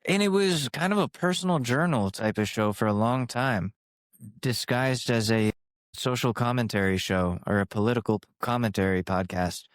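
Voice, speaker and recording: A man's voice: mid-range voice, moderate pace, dry recording, studio quality. Sarcastic young man hosting a podcast. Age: 20s. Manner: sarcastic, rambling, profane. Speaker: podcast host. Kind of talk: casual solo podcast monologue. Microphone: studio microphone with compressor.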